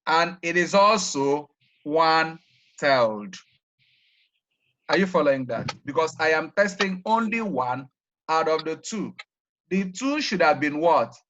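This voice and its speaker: A male teacher leads a classroom lesson in a slightly raised voice. He spells out terms carefully and keeps pausing on "what?" for the class to finish his sentences. The recording is a bit muffled and lo-fi. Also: fairly high pitch, lively intonation, a bit bright. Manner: prompts students by leaving sentences open with "what?"; repeats key terms slowly and deliberately. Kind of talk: classroom lecture.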